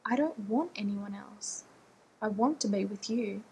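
A woman's voice: medium pitch, measured pace, gravelly, a little mellow, slight background noise, poor audio. A woman reading an audiobook voices a tired, exasperated man who speaks bluntly. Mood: weary. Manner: weary, blunt.

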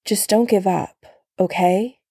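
A teasing, easygoing young man chatting on the phone, voiced by a woman reading a story. The voice is gravelly and warm, with a light, reassuring manner. It moves at an unhurried pace. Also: mid-range voice, no echo, clean studio sound. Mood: gentle.

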